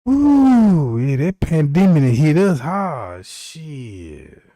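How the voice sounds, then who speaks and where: A man's voice: on the high side, very animated, slow, mellow, no echo, studio quality. A man hosting a livestream, telling loose, profane, rambling stories and often checking in with his listeners. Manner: loose, profane, rambling, keeps asking "you know what I'm talking about". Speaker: livestream host. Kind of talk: rambling comedic storytelling on a livestream.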